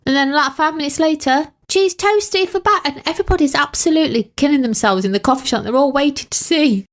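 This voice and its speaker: A woman with a slightly high voice co-hosts a casual chat podcast. She tells cheeky stories in a giggly, animated way. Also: fast. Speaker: podcast co-host.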